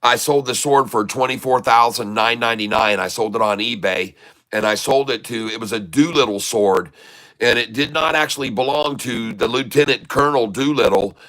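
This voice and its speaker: A middle-aged man spins a rambling, casual anecdote, slipping into the voices of the people he quotes. His voice is bright and forward, sitting at an ordinary pitch for a man. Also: moderate pace. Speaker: trading channel host. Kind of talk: casual storytelling.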